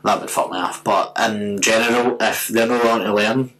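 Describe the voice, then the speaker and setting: A man's voice: lowish voice, fairly even intonation, normal speed, a bit bright, slight background noise, poor audio. A Scottish man in his twenties co-hosting a podcast, blunt and sweary in casual chat. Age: 20s. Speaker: podcast co-host.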